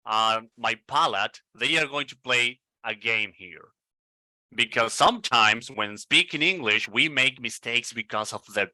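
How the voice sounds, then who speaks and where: A man whose first language is Spanish, coaching English pronunciation in an online lesson and repeating each word slowly to model its sound. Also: medium pitch, sharp tone, dry recording. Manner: slow, repeats words over and over to model sounds. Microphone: video call.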